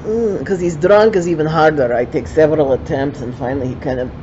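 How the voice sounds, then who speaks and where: A woman's voice: deep voice, fast, dark tone, lo-fi sound, a little hiss or hum. An older woman with a Ukrainian accent telling a folksy story in broken English, with chatty asides.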